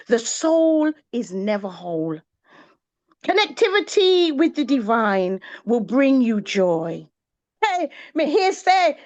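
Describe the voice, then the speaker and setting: Slow, lively-voiced woman chanting poetry. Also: high voice. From England. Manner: rhythmic, chanting delivery with sung and exclaimed bursts. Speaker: poet. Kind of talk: spoken-word poetry performance. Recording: dull lo-fi recording of a live gathering.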